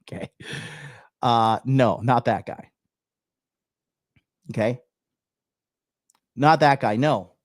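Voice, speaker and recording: A man's voice: mid-range voice, very slow, pauses often, no echo. Young male host, brash and foul-mouthed, dry close sound, reacting live to a clip. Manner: blunt and profane, loose and swaggering. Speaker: dating coach hosting a call-in show.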